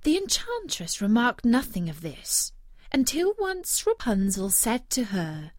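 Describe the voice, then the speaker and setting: A woman reads a fairy tale aloud, slow and unhurried, with a lively voice that rises and falls. The sound is dry and close, with no room around it. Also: medium pitch, no room sound. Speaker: storyteller.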